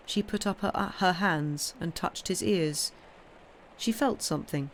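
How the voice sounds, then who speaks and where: Expressive woman reading a story aloud. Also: on the low side, measured pace, slight background noise. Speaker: story reader.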